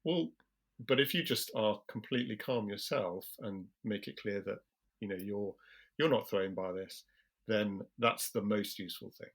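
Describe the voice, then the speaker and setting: A British man, a general practitioner, explaining things in a calm, measured way during an interview and slowing his speech on purpose. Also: lowish voice. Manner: calm, measured, slows deliberately for emphasis.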